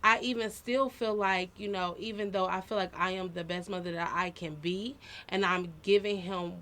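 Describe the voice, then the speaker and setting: A woman's voice: medium pitch, steady tone, normal speed, fairly bright tone. A woman in her thirties, a podcast co-host sharing personal stories in an earnest, reflective, conversational way.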